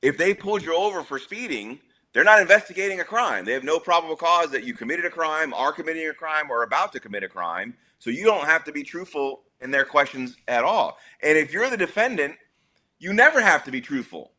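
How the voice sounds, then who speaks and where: Male co-host, bright and forceful tone, blunt and matter-of-fact, casual swearing. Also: fairly high pitch, expressive, a little fast. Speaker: co-host explaining gun law. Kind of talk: casual podcast chat.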